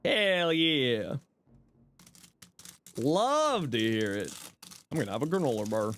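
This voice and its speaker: Young man, game streamer, casual jokey chat, animated delivery on a desk mic. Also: mid-range voice, slow, a little hiss or hum. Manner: chatty, reads chat aloud, jokey. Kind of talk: casual live game commentary.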